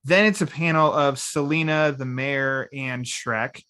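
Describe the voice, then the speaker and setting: Male podcast host, casual and rambling, speaking at a middling pitch. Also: fairly even intonation, a little slow, pushed and bright, clear, resonant tone. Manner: rambling, quotes lines playfully. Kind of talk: casual chat. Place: home.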